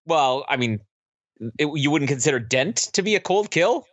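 A man co-hosting a podcast, talking enthusiastically over a film with quick bursts of laughter. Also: a little high, expressive, no room sound, lo-fi sound. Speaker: podcast co-host. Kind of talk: casual movie commentary.

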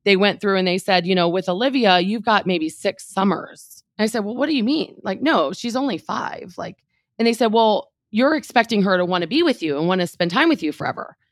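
A woman in her thirties, a real estate team leader, telling a candid personal story in an interview, animated and emotional, with lots of "like" fillers. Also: mid-range voice, fairly quick, no echo, clean studio sound.

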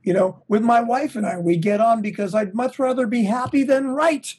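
A middle-aged man, a touring drummer, talking as an interview guest in an energetic, motivational way, swearing now and then. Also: very high voice, normal speed, slightly rough. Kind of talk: casual interview. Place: home, at a desk.

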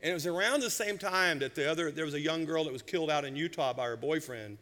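A middle-aged man preaching a sermon, telling a humorous family story with lively, animated delivery. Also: fairly high pitch, fast. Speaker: senior pastor. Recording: church hall reverb.

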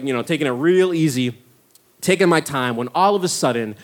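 A man, telling a rambling comic story full of likes and uhs. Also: on the high side. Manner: rambling, many likes and uhs, animated when excited. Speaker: stand-up comedian and storyteller. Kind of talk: storytelling monologue.

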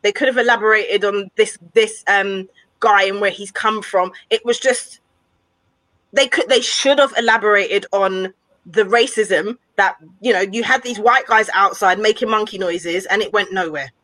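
A woman talks in lively, casual podcast chat, her voice sitting at an ordinary middle pitch. She keeps piling up rhetorical questions with growing exasperation. The sound is dry and close, with no room echo. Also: normal speed. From West London. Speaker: podcast co-host reviewing a film.

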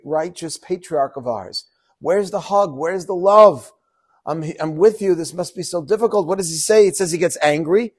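A man in the role of a rabbi delivers a lively Torah lesson at a middle pitch. He chants short Hebrew phrases, glosses them in English, and keeps asking his listeners questions. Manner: animated, quotes Hebrew verses then translates; asks rhetorical questions to the audience. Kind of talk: Torah teaching talk.

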